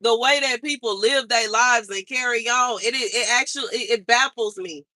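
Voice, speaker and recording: Bright-voiced woman venting on stream. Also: fairly high pitch, normal speed, no room sound. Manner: exasperated venting, repeats herself, slangy. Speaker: livestreamer. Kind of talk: casual livestream rant.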